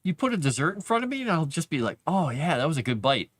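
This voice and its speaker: A man's voice: fairly high pitch, very animated, quick pace, no room sound. A man hosting a casual live stream from his basement, chatting in a rambling way and laughing often. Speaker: livestream host. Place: home basement.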